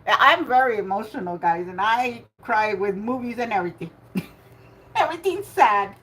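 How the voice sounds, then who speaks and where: Running a relaxed bingo livestream, an older woman talks freely, laughs a lot and welcomes viewers by name. She speaks at a normal speed in a fairly high, fairly bright, expressive voice, with a little background noise present.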